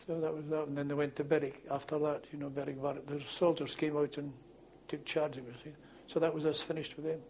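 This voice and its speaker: An older man telling wartime memories as a former policeman, in a halting, rambling way full of restarts and chuckles. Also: fairly high pitch, level tone, a little mellow, dull audio, a little hiss or hum. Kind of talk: oral history storytelling.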